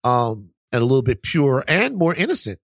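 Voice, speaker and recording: A podcast co-host in casual chat, talking in an animated, teasing way and swearing casually. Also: mid-range voice, moderate pace, no echo, clean studio sound.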